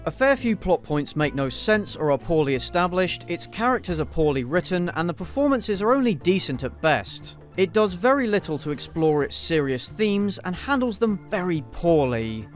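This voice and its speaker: A man's voice: sits high, big pitch swings, moderate pace, few pauses, faint music behind. A man hosting a scripted commentary review, blunt, sarcastic and openly profane. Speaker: video essay host.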